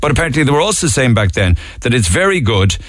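A man's voice: medium pitch, big pitch swings, fast talker, no echo, studio quality. A man with a Cork Irish accent hosting a morning radio show, chatting through the papers and making asides to listeners. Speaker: radio host.

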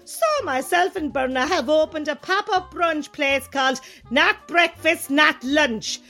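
A woman's voice: sits high, measured pace, pushed and bright, soft background music, heavily acted. A woman voicing a grumpy rural woman caller in a comedy radio sketch, sour and sarcastic. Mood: grumbling.

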